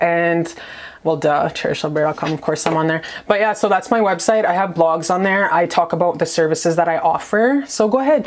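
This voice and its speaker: A woman's voice: lowish voice, a little hiss or hum. Gushing, foul-mouthed female tarot reader. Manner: gushing, profane and playful, lots of "okay?". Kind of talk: casual tarot reading to camera.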